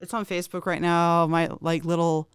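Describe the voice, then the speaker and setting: A woman's voice: lowish voice, flat delivery, moderate pace, smooth. A woman guest talking casually about her work, rambling with many fillers. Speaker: guest, arts project manager. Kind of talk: casual chat.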